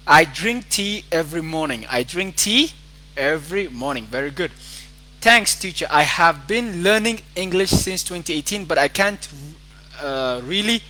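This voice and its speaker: A man with a bright, somewhat high voice leads an English lesson, reading student comments and spelling words out letter by letter. His English is slow and careful, and his asides are quick. A faint hum sits behind the recording. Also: low-quality recording. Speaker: English teacher.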